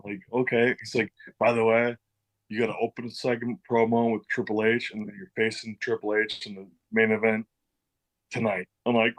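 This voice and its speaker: This middle-aged ex-wrestler speaks fairly quickly with a flat delivery, a fairly low pitch, and a fairly bright tone, captured on a rough recording. He's chatting through a casual interview, telling stories, swearing without restraint, and voicing the people he quotes.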